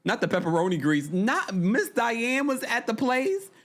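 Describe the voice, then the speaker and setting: A man's voice: extremely high pitch, measured pace. A man hosting a casual reality TV recap, exasperated and chatty, reacting to his viewers. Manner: exasperated, animated, chatty, talks to the chat. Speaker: podcast host.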